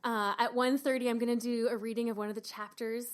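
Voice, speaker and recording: A woman author from Canada, talking in an animated, expressive way about her book in a radio interview. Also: a little high, fast. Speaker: author guest.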